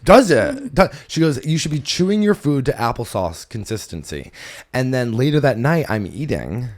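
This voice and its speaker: A man hosting a comedy podcast, talking in a casual, animated monologue, laughing often, swearing and swinging between loud and soft. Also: mid-range voice, normal speed. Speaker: podcast host, stand-up comedian.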